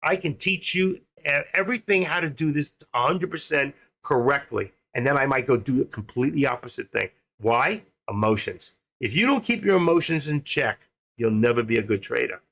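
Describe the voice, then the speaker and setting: Man, older, trading stream host, casual rambling chat, excitable, crisp bright tone, some fry. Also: medium pitch, brisk.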